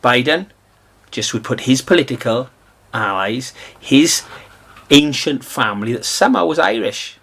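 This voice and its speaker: A British man delivers a combative political rant. His voice is husky and sits at an ordinary pitch. He lurches between loud, mocking outbursts and low, contemptuous mutters. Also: expressive, measured pace. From Britain. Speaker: political commentator.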